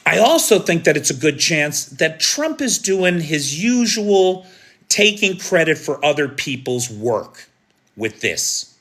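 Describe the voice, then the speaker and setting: Bright-voiced American man commenting on news. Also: fairly high pitch, sing-song, slow pace. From United States. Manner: conversational, opinionated, frequent rhetorical "right?".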